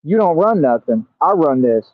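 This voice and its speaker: A man's voice: fairly high pitch, very animated, moderate pace, dry recording. A man hosting a livestream, boastful and scolding, full of streetwise slang. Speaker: livestream host. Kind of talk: confrontational livestream talk. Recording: tinny phone-like dry audio.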